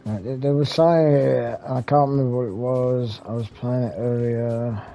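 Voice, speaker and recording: A man's voice: medium pitch, fairly even intonation, normal speed, vocal fry, mellow, soft background music. A man with an English accent, hosting a retro gaming channel, rambling casually with mild swearing and lots of fillers and restarts.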